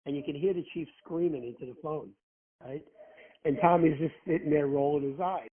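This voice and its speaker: Husky guy telling wild firehouse stories with lots of swearing, sounds like a phone call. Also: fairly high pitch, brisk. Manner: profane, animated storyteller who acts out quotes. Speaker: guest, former rescue firefighter. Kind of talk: casual anecdote telling. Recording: tinny phone line.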